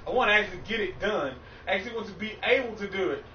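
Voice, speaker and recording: High-voiced man, profane game-stream rant, distant echoey muffled audio. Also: rapid-fire, a little hiss or hum. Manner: profane, frustrated ranting. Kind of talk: ranting gameplay stream chat.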